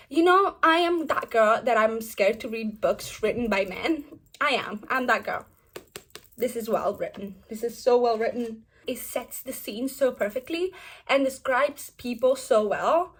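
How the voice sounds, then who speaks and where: Bubbly young woman vlogging about books. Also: on the high side. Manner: bubbly, chatty, animated. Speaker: book vlogger. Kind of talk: casual reading vlog. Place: home, indoors.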